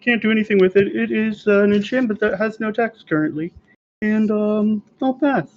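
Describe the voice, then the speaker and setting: A woman's voice: mid-range voice, normal speed, a little mellow, muffled recording. A woman player hesitantly narrating her turn, with many fillers and self-mocking asides. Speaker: card game player. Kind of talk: casual game-night chat.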